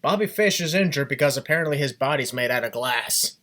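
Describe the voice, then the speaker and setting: A man's voice: mid-range voice, lively intonation, a little fast, sharp tone. A man co-hosting a casual wrestling podcast, recapping the events steadily. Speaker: podcast co-host.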